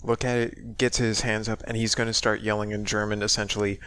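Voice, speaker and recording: A man playing a tabletop game, talking slowly and hesitantly about his character's moves. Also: smooth. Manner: slow, hesitant, lively pitch. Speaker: player. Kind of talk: casual tabletop play.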